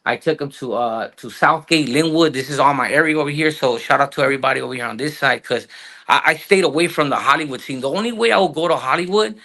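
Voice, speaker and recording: Bright-voiced South LA man telling stories. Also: medium pitch, fast. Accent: South Los Angeles. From South Los Angeles. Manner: slangy, profane, animated storyteller who acts out quotes. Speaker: guest actor. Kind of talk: casual storytelling interview.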